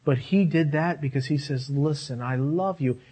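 A man preaching a sermon, animated, swinging between loud and quiet and acting out quoted voices. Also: fairly high pitch, moderate pace, slightly rough. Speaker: pastor.

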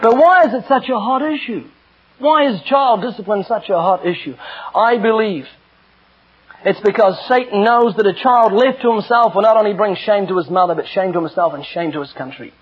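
A man's voice: high-pitched, moderate pace, slightly rough. A middle-aged man preaching an earnest, emphatic sermon with personal stories. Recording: dull lo-fi recording.

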